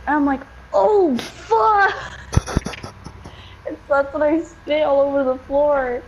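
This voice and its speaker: A young woman with a fairly high voice casually tells a rambling story, swearing a lot and filling it with "likes" and other fillers. The audio is dull lo-fi game capture with slight background noise.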